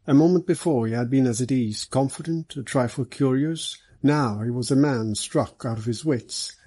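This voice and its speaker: A man reading a mystery novel aloud as the narrator, in a measured way. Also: mid-range voice, mellow, husky. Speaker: audiobook narrator. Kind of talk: scripted narration.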